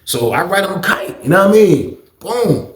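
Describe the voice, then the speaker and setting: Animated, profane man telling a story. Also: sits high, moderate pace, reverberant, a crowd in the background. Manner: profane, animated, repeats "you know what I mean". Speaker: storytelling vlog host. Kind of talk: casual storytelling.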